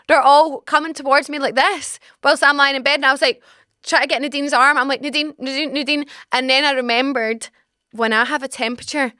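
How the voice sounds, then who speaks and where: A young woman in her twenties with a Scottish accent, hosting a podcast and telling a frank, animated story in casual chat. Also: high-pitched, brisk, dry recording, studio quality. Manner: animated, dramatic, swearing, frank. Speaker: podcast host. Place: small podcast studio. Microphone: studio mic.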